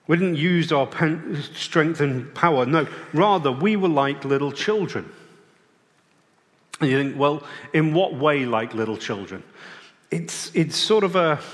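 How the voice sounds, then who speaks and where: A man preaching a sermon in a plain-spoken, conversational way, pausing and restarting now and then. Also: medium pitch, fairly bright tone. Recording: long reverb of a large hall.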